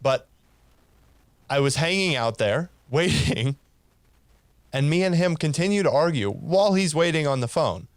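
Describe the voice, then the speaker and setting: A man's voice: a little high, measured pace, long pauses, no echo. A man co-hosting a podcast, casually telling a rambling story and acting out both sides of an argument. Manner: rambling, animated retelling with laughs. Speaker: podcast co-host.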